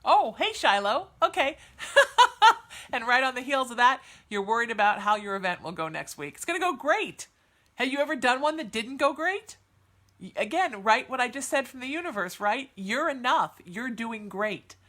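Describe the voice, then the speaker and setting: This podcast host, a woman giving live psychic readings to her chat, has a slightly high, expressive voice with a bright, forceful tone at normal speed. She's soothing and reassuring, talks with many fillers, and calls listeners sweetheart.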